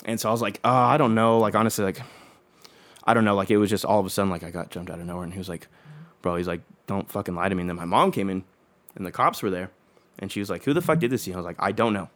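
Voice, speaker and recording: Fast-talking young man telling a story. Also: low voice, a bit bright. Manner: rambling, filler-heavy, swearing. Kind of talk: casual chat.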